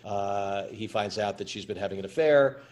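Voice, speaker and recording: A man, an actor being interviewed, telling stories in a halting way with many repeated words. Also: lowish voice, darkish tone. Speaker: actor guest. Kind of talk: anecdotal interview chat.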